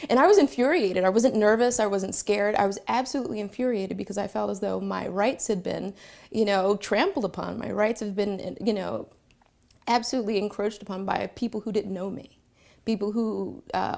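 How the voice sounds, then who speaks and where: A woman from Philadelphia telling a personal story, reflective and halting, with many pauses and fillers. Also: mid-range voice, vocal fry, darkish tone. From Philadelphia, Pennsylvania.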